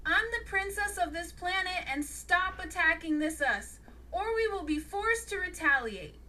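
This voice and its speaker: A woman's voice: extremely high pitch, animated, a little slow, sharp tone, pitched above the performer's own voice, full character voice. A woman reading the part of a young alien princess, commanding and defiant, in a storybook.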